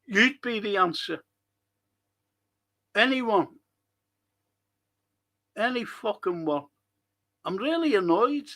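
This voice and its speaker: A man hosts a fan stream, reading viewer comments aloud and answering them bluntly. His voice sits high for a man, gravelly and bright. He talks slowly and swears a lot when he is fed up. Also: animated. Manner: blunt, exasperated, swears often. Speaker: host of a fan live stream.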